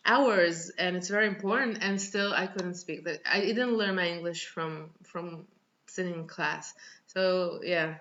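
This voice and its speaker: A woman's voice: mid-range voice, sharp tone, muffled recording. A Hebrew-speaking woman with an Israeli accent who teaches Hebrew in a reaction video, laughing often and explaining step by step.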